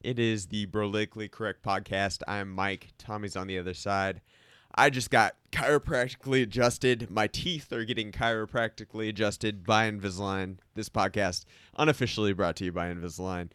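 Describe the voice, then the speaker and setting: A man's voice: on the low side, fairly even intonation, moderate pace, a bit bright, smooth, dry recording. A man co-hosting a casual podcast in a studio, talking at length with a skeptical slant and a slight lisp from teeth aligners. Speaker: podcast co-host. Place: small recording studio. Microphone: studio microphone.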